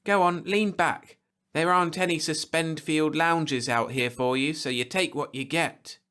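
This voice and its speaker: A man reading a storybook aloud, voicing a proud, fiery young frontier woman who talks in a sharp, lecturing way. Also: fairly high pitch, fairly even intonation, unhurried, voice pushed up. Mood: scolding.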